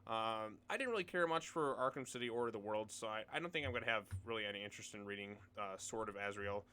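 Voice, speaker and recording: A man's voice: on the low side, expressive, fast talker, sharp tone, slight background noise. A young man hosting his own video, casually reading comic solicitations aloud and rambling through blunt opinions with plenty of fillers.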